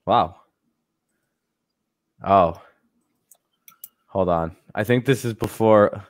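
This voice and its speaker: A man's voice: lowish voice, drawn-out words, no room sound, clean studio sound. A man hosting a casual livestream, rambling loosely and swearing freely, with frequent laughs. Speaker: streamer host.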